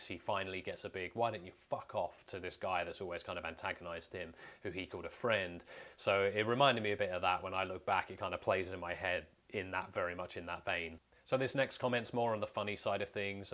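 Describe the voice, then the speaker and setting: A man with a low, deep voice tells personal stories to camera in a casual way. He talks candidly and bluntly, with plenty of swearing. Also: fairly bright tone. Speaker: vlogger.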